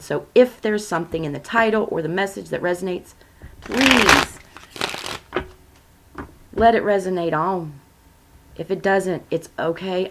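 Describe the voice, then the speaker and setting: A woman tarot reader talking casually and self-mockingly to her viewers, her voice swinging between loud bursts and soft asides. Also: sits low, gravelly, background noise. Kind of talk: casual spiritual reading chat.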